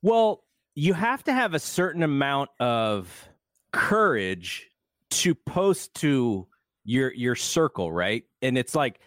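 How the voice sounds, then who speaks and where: A man hosting a podcast, chatting casually and animatedly, with quick affirmations. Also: mid-range voice, big pitch swings, fairly bright tone, no room sound, clean studio sound. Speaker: podcast host. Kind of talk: casual conversation.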